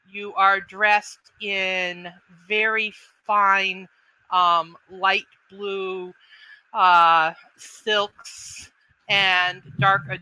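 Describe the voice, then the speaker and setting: A woman's voice: medium pitch, sharp tone, no echo, low-quality recording. A woman game master narrating a tabletop role-playing game, describing scenes hesitantly with frequent ums and uhs.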